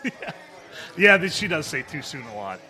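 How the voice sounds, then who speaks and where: A man's voice: a little high, very animated, moderate pace, pushed and bright. A man co-hosting a casual comedy podcast, joking and laughing often. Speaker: podcast co-host.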